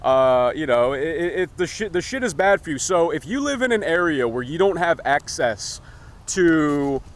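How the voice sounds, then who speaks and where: A man's voice: on the high side, lively intonation, moderate pace. Profane, rambling male vlogger. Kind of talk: casual opinion vlog.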